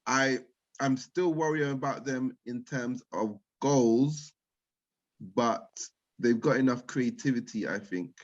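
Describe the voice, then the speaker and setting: A man chatting casually about football, often repeating words as he thinks out loud. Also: mid-range voice, takes it slowly, highs cut off. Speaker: co-host of a football chat show.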